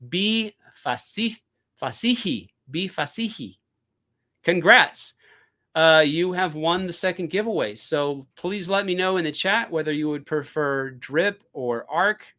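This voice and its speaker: A man's voice: a little high, lively intonation, unhurried, bright, forceful tone. A man hosting a casual live stream, chatty and rambling, with frequent fillers, talking into a desk microphone. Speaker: crypto live stream host.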